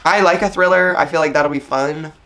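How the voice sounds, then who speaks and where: A woman talks through her reading list in a casual, upbeat way, with plenty of "like" along the way. Her voice is a little husky, still rough from the morning. She is a book vlogger. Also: deep voice, brisk, a bit bright, a little hiss or hum. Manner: chatty, upbeat, lots of "like". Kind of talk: casual chat.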